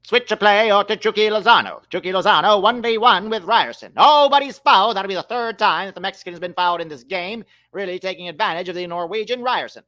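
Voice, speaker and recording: A man's voice: high voice, fast talker, few pauses, pushed and bright. A man putting on a pompous 1930s radio announcer. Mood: grandiose. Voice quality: exaggerated transatlantic accent. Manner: grandiose, theatrical play-by-play.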